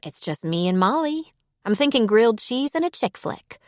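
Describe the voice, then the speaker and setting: A woman's voice: a little high, sing-song, moderate pace, no echo, studio quality, voice pushed up. A woman voicing a caring, sisterly young woman with a coaxing manner, in an audiobook.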